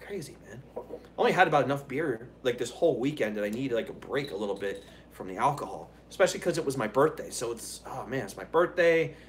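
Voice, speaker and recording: A man's voice: mid-range voice, expressive, quick pace, a little hiss or hum. A man hosting a live stream, chatting casually and telling stories in a rambling, profane way, laughing often. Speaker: live streamer answering chat.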